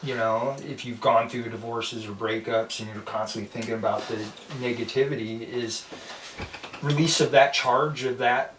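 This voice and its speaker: A man's voice: medium pitch, steady tone, normal speed, a bit bright, distant mic. A man talking as a podcast guest, musing aloud and circling back through his thoughts. He is recorded a bit away from the mic in a roomy space, with some echo. A faint hiss sits behind his voice. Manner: reflective, hesitant restarts. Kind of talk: casual chat.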